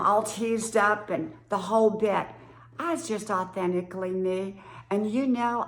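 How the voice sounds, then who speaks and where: A woman's voice: medium pitch, fairly bright tone, roomy sound. A woman in her sixties from West Virginia with an Appalachian accent, chatting casually to camera in a folksy way and laughing often. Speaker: vlogger.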